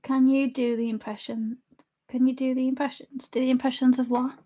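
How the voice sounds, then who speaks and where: A woman's voice: sits high, flat delivery, brisk, dark tone, muffled recording. A young woman live streamer chatting casually with her chat and laughing often while she drinks. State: drinking alcohol.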